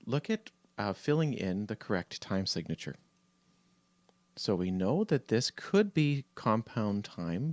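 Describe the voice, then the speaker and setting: Low-voiced man teaching music theory. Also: no room sound. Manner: relaxed, halting, many fillers, counts beats aloud. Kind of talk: screen-share tutorial lesson.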